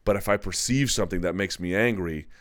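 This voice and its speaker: A man's voice: low-pitched, a little fast, no echo. A man hosting a live chat, talking candidly in a rambling, self-correcting way. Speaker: MMA live chat host. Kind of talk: casual live-stream commentary.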